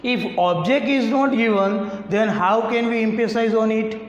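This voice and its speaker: A man with an Indian English accent teaching a grammar lesson, asking and answering his own questions step by step. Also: high-pitched. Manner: slow, repetitive questioning. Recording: echoey room, slightly dull lo-fi sound.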